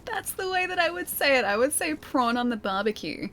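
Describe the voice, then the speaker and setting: A woman's voice: sits high, big pitch swings, normal speed, bright, forceful tone, slight background noise. Giggly woman with a light Australian accent. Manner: giggly, chatty, self-mocking. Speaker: streamer. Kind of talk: casual gameplay commentary reading chat.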